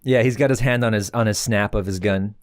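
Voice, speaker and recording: A man, narrating a tabletop game as game master, laughing often and slipping into quick voices for side characters. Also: lowish voice, fairly even intonation, no room sound.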